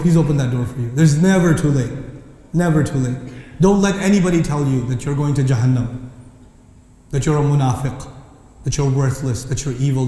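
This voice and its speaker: A man's voice: on the high side, mellow. A man preaching a passionate sermon, building to indignant questions and quoting Arabic verses. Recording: echoey hall with long reverb.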